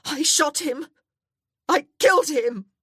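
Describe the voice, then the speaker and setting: A woman's voice: on the high side, moderate pace, slightly rough, dry recording, clean studio sound, voice pushed up. A woman voicing an anguished young widow. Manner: raised, anguished, breathless. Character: guilt-ridden young widow, guarded and anguished.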